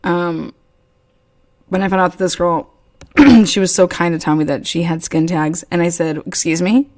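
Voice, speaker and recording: A woman's voice: on the low side, steady tone, normal speed, darkish tone. A woman hosting a casual livestream chat, telling crude stories and laughing often. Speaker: host.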